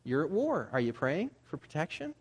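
A man's voice: a little high, huge pitch swings, moderate pace, breathy edge. A man preaching as a pastor, in a conversational style that builds to emphatic urging. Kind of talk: sermon.

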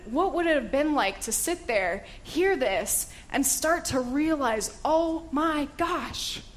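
A woman teaching a casual Bible study in a chatty, enthusiastic way, with fillers and laughter. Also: sits high.

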